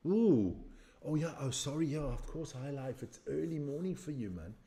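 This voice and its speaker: A middle-aged man with a warm, expressive, fairly high voice hosts a relaxed live stream at a moderate pace. He reacts to a match while chatting loosely, answering viewers' comments and poking fun at his own age as the watch-along host.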